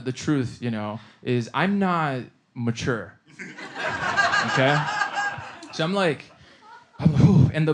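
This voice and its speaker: A man doing stand-up, telling a story in an animated, profane way and laughing through his own lines. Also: a little high, background noise. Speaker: stand-up comedian.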